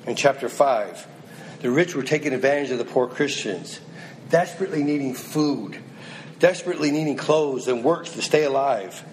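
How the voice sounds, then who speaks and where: A man's voice: mid-range voice, normal speed, slight background noise, rough recording. A man preaching a sermon, reading scripture aloud and then pressing his listeners with direct, rising exhortations.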